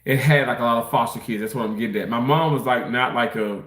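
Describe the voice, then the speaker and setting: He talks fast in a mid-range, fairly bright voice, and the audio has a roomy feel. A man from Mississippi, he's eating during a casual livestream, rambling, laughing often and reading viewers' comments aloud.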